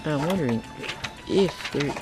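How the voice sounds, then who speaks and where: A man's voice: a little high, expressive, measured pace. A young man hosting a casual gameplay explainer, rambling with many fillers and jokes, over game music. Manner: rambling, filler-heavy, jokey. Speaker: gaming channel host.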